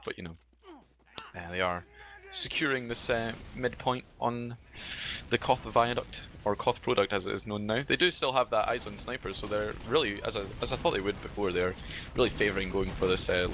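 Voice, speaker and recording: A man with a Scottish accent casting a live esports match, relaxed and full of fillers. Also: fairly low pitch, a little hiss or hum. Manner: relaxed, filler-heavy play-by-play with banter. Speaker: esports caster. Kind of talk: live game commentary.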